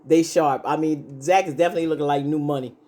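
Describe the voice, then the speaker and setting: A woman's voice: deep voice, steady tone, quick pace, warm tone. A woman giving a casual, chatty recap of a TV episode, full of "you know" fillers and acted-out lines from the characters. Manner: acts out characters' lines while retelling. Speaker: show recap host.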